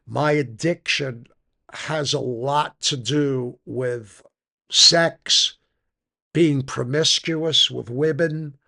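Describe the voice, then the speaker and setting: A man's voice: medium pitch, vocal fry, bright, forceful tone. An older man, telling his personal recovery story frankly in a conversational interview. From New York. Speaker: podcast guest.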